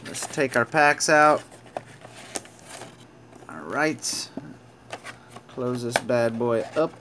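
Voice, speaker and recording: A man's voice: medium pitch, very slow, background noise. A man casually narrating as he opens sports card packs, reading out card names and chuckling now and then. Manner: chatty, reads card names aloud with small laughs. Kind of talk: casual pack-opening commentary.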